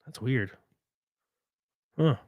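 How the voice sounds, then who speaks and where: A man's voice: extremely slow, a little mellow, no echo. A man with a Southern US accent chatting casually on a live stream, reading chat aloud, swearing freely and laughing often.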